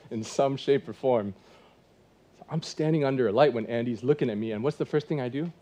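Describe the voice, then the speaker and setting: A pastor in his forties gives a conversational church sermon brimming with rhetorical questions. His voice is mellow and medium-pitched, and he talks fairly quickly.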